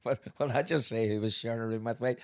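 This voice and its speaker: A man's voice: mid-range voice, fairly even intonation, quick pace. A middle-aged man with a Belfast accent, co-hosting a podcast and telling stories while laughing through them. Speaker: podcast co-host. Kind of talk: casual storytelling chat.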